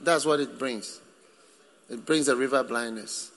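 A man preaching a sermon in a church, lively and joking with the congregation. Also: mid-range voice, unhurried. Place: church hall. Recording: echoey hall with long reverb.

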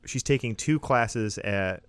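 A man's voice: medium pitch, takes it slowly, clear, resonant tone, no room sound. A man co-hosting a podcast in casual, upbeat chat, laughing easily. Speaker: podcast co-host.

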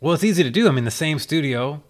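A man's voice: a little high, expressive, quick pace. A man hosting a podcast, chatting casually and loosely with many fillers. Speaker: podcast host. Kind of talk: casual chat.

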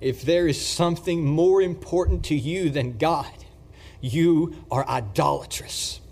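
Slow, high-voiced male preacher. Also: vocal fry. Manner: emphatic preaching, swings from loud to hushed. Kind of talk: sermon.

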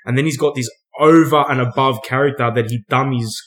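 Sex: male. Pitch: mid. Pace: rapid. Style: casual, sweary film chat on a podcast. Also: steady tone, a bit bright. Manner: sweary, rambling storytelling.

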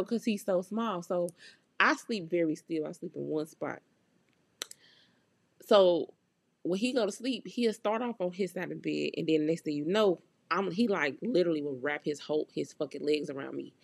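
A woman's voice: fairly low pitch, creaky, darkish tone, dry recording. A young woman hosting a podcast, telling a story in a blunt, profane, candid way and acting out the quoted dialogue. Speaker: podcast host. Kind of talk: casual storytelling monologue.

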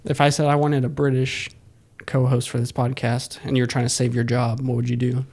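Gravelly, jokey podcast host man. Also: mid-range voice, monotone, a little fast, darkish tone. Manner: jokey, laughs often, asks leading questions. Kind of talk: casual podcast chat.

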